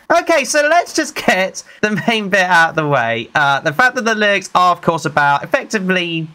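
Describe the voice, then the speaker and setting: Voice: mid-range voice, big pitch swings, normal speed, few pauses, sharp tone. A vlogger with a British accent, giving casual, chatty reaction commentary with playful laughter. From United Kingdom. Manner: chatty and playful, laughs often, scats beats aloud.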